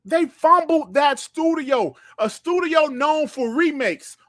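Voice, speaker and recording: High-voiced man ranting fast and heated. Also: no echo, clean studio sound. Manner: heated, profane, animated ranting. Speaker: gaming podcast host. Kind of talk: livestream commentary rant.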